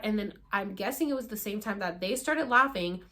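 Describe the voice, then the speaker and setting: Animated young woman telling a story. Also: medium pitch, moderate pace. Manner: animated, acts out quotes with sudden loud bursts; swears freely, lots of "like". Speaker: vlogger. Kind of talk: casual storytelling to camera.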